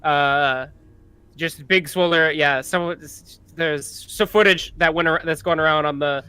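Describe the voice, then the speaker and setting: A man's voice: a little high, a little slow, bright, forceful tone, clean tone, no echo. A man player talking casually in a tabletop game, rambling and swearing.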